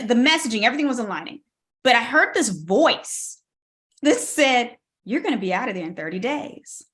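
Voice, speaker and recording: Bright animated woman telling a story. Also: mid-range voice. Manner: animated storyteller, acts out quoted dialogue. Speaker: guest, tech strategist and keynote speaker. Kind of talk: storytelling in a podcast interview.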